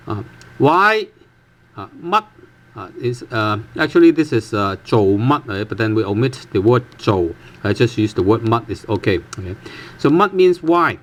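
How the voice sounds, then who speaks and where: A man teaching a casual online language lesson, explaining slowly and patiently with many fillers and repeated example words. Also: mid-range voice, lively intonation, fairly bright tone.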